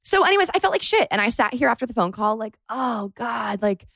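Sitting on her bedroom floor, a woman hosts a solo confessional podcast into a podcast mic, rambling candidly with lots of "like" and sometimes nearly crying. Her fairly high, slightly bright voice is very animated, rapid-fire and full of vocal fry, recorded dry.

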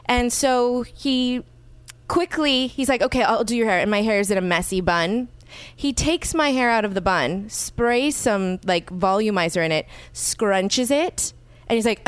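A woman hosts a casual podcast and tells her stories with real animation, slipping into the voices of the people she quotes. Her voice is smooth and clear, recorded close and dry with no room sound at all. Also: on the high side, a little slow, no echo. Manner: animated, acts out quoted people, swears freely. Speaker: podcast host. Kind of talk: casual storytelling chat.

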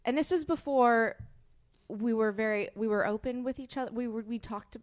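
A woman's voice: a little high, moderate pace. A young woman hosting a casual chat, telling stories frankly with lots of laughter. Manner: chatty, giggly, frank storytelling. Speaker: podcast host.

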